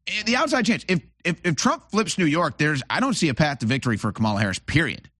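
A man's voice: a little high, big pitch swings, fast talker, a bit bright, no room sound, clean studio sound. A man hosting an interview, talking in a rambling, opinionated way with lots of restarts. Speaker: host. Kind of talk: casual interview talk.

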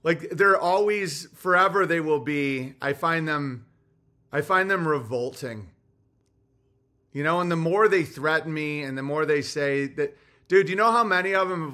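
A man's voice: on the high side, normal speed, sharp tone. A man hosting a livestream, talking in a rambling, provocative and profane way. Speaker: comedian and show host. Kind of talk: casual livestream monologue.

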